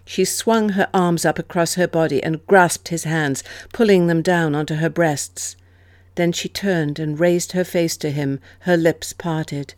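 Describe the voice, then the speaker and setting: A woman narrating an audiobook in a measured, expressive manner. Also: low-pitched, no echo. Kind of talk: scripted narration.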